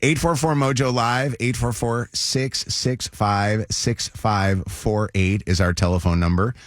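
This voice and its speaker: A man hosting a radio show, chatting casually and telling animated family stories. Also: on the low side, unhurried, no echo, clean studio sound. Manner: animated storyteller, acts out quotes.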